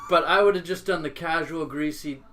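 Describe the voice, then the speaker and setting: A man's voice: fairly high pitch, fairly quick, noisy background. A man co-hosting a casual podcast, telling wry stories and laughing a lot. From Canada. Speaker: podcast co-host. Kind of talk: casual banter.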